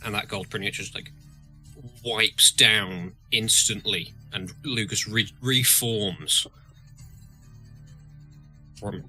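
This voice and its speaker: A man's voice: lowish voice, slow pace, pauses often, sharp tone, faint music behind. A man playing a tabletop game, talking casually and rambling with lots of fillers. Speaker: player.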